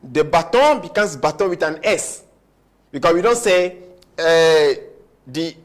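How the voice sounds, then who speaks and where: A man teaching a French grammar lesson at a board, slowing down on key words and often checking that students follow. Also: a little high, animated. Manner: repetitive, checks understanding often; slows down to stress key words. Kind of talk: whiteboard language lesson.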